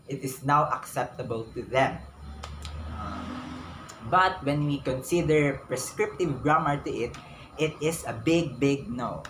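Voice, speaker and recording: Young man, Filipino English accent, slow careful lecture, echoey room, background noise. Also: medium pitch. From Philippines. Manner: slow, explanatory, repeats words for emphasis. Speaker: student teacher. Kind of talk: classroom lecture.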